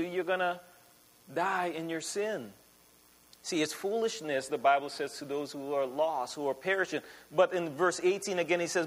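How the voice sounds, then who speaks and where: A man's voice: sits high, fairly bright tone. A male pastor preaching a sermon in a conversational way, asking rhetorical questions and often restarting his sentences. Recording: long hall reverb.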